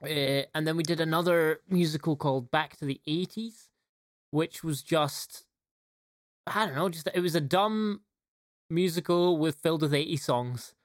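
A man's voice: on the high side, moderate pace. A man from the Isle of Lewis co-hosts a casual podcast chat. He talks in a laid-back way, laughs often and lets sentences trail off. The sound is dry and close, with no room echo. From Isle of Lewis, Scotland. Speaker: podcast co-host, teacher.

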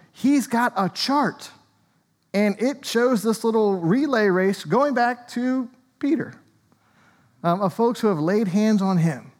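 A man's voice: sits high, in a large hall. A man, an Anglican priest, preaching a sermon in a conversational way with joking asides. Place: church.

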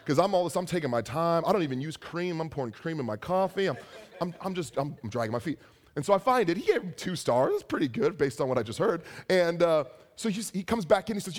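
A young adult man preaching a sermon as a pastor, telling stories with animated asides. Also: fairly high pitch, fast.

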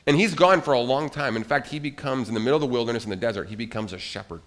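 A man telling a Bible story to children at a church service. He sounds animated, keeps asking the kids questions and calls on them by name, in an everyday mid-range voice. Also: mid-range voice, racing.

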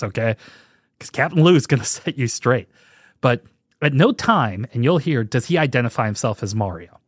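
Male podcast host, 40s, mid-pitched, rambling jokey delivery, dry close mic. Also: no echo. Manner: rambling, joking, animated emphasis. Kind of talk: casual chat.

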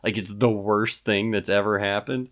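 A young man in casual chat, talking in a relaxed way and often pausing with "um" as he recounts stories. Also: lowish voice. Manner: relaxed, many "um" pauses while recounting.

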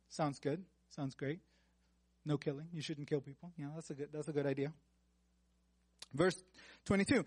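A male preacher with a notably high voice gives a relaxed, conversational sermon. He reads scripture aloud and drops in casual, joking asides between the verses. The sound is close and dry, with no room echo. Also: brisk. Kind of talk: conversational sermon with Bible reading.

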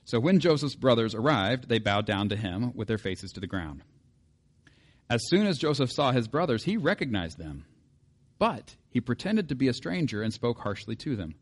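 A pastor preaching a sermon in a conversational way, often putting rhetorical questions to the congregation and reading scripture aloud. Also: male voice, mid-range voice, lively intonation, moderate pace.

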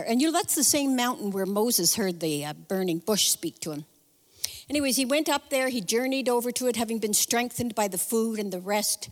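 A woman giving a conversational sermon, telling a story in an animated way and acting out the voices in it. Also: medium pitch. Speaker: speaker at a church women's event. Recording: long hall reverb.

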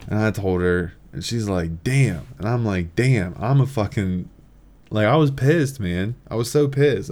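Man, podcast host, casual storytelling, lots of swearing, lowish voice. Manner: animated, swearing, laughs while telling.

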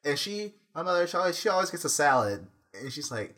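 A young man co-hosting a casual chat, telling an animated story and mimicking his family members. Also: a little high, fast.

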